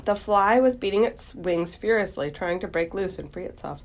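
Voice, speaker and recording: A woman reading a children's book aloud in a gentle, expressive storytelling voice. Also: mid-range voice, normal speed.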